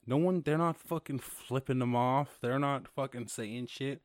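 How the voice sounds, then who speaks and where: A man hosting a casual podcast, ranting about the news in a profane, animated way, full of laughs and asides. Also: medium pitch, a little slow, no room sound, studio quality. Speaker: podcast host.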